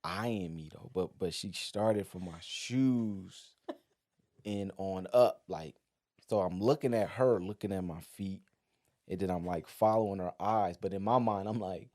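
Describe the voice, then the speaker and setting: A man in his thirties hosting a podcast, telling a personal story in a relaxed, conversational way, full of "like" and "you know". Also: sits low, unhurried. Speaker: podcast host. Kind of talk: casual storytelling.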